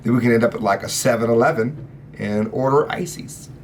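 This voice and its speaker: A man's voice: medium pitch, a little fast, slight background noise. A man hosting a reaction video, telling rambling stories with lots of swearing. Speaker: reaction channel host. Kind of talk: casual reaction chat.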